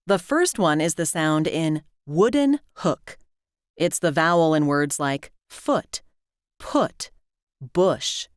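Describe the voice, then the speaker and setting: Slow, carefully enunciating American woman teacher. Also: deep voice, no echo, studio quality. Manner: clear, careful enunciation of example words. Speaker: pronunciation teacher. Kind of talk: scripted instructional narration.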